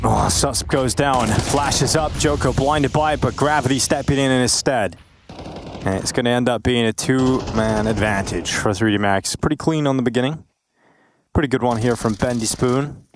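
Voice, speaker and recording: A man's voice: medium pitch, moderate pace, noisy background. A man co-casting a competitive game live, teasing his partner with dry humor between play calls. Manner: dry, teasing co-caster banter. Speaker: esports caster. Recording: broadcast with loud game sounds behind.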